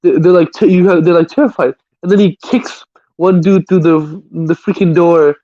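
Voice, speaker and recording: A man's voice: high-pitched, fairly even intonation, moderate pace, warm tone. Rambling man on a lo-fi stream. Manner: rambling, with frequent stammered restarts. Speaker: live stream host. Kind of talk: casual movie chat.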